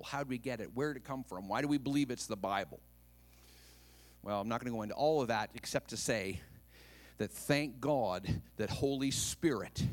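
A male pastor preaching a dramatic sermon, dropping to a hush and then rising loud. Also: mid-range voice.

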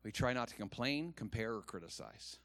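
A man preaching a sermon to a congregation, moving from quiet, earnest talk to loud, rising exhortation and having the room repeat lines after him. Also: medium pitch, expressive, moderate pace, no room sound. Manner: calls on the congregation to repeat lines and raise hands. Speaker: pastor. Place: church.

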